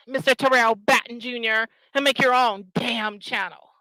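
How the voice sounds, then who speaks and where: A woman's voice: a little high, fairly even intonation, normal speed, sharp tone, no room sound, rough recording. A woman hosting her own channel, ranting with profane, scornful and confrontational talk. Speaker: channel host. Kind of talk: angry ranting commentary.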